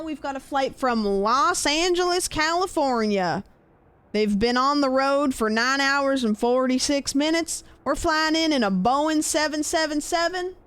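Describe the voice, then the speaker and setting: A woman putting on the voice of an airport flight announcer, announcing loudly and drawn out. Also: sits high, voice pushed up.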